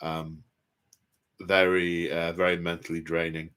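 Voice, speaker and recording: A man's voice: low-pitched, completely flat delivery, a little slow, a bit bright, clean tone. A man hosting a casual livestream, chatting in a rambling, hesitant way with many fillers and restarts. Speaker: host.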